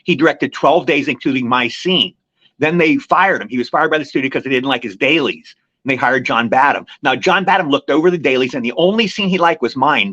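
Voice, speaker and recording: A man's voice: medium pitch, fairly bright tone, dry recording. An older man, an actor guest on an interview show, telling long rambling anecdotes in casual chat. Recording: dry, slightly muffled lo-fi recording.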